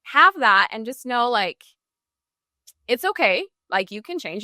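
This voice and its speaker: A woman speaking as a customer service trainer in a podcast interview, animated and full of "like" and "right?". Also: mid-range voice, normal speed, dry recording, studio quality.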